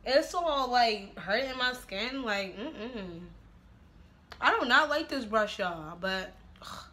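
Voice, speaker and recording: A woman with a slightly high, sharp voice chats casually in a get-ready-with-me vlog at home. She does her makeup and makes dinner while filming, and she's brash, foul-mouthed, and often laughing.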